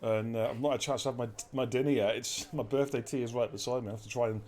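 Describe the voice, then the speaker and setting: A man's voice: mid-range voice, fairly even intonation, quick pace, darkish tone. A man hosting live sim racing commentary, chatty and upbeat, talking straight to his chat. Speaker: race commentator and stream host.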